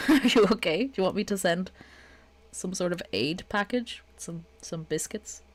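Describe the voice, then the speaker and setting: Irish woman, dublin accent, streamer, young adult, animated sing-song pitch, sweary chatty. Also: a little slow. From Ireland. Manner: chatty, swears freely, laughs often. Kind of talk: casual live-stream chat.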